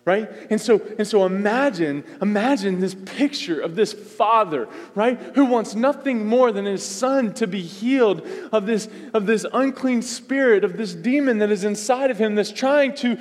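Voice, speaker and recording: A man preaching a sermon as pastor, emphatic and repetitive, swinging between loud and soft. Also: sits high, animated, normal speed, hardly any pauses, big-room sound.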